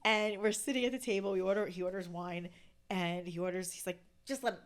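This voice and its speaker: A woman in her fifties from New Jersey, a podcast guest telling animated anecdotes, acting out quotes and dropping lots of "like" as she goes. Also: lowish voice, fairly quick. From New Jersey, USA. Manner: animated, acts out quotes, many fillers of "like". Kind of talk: casual anecdote storytelling.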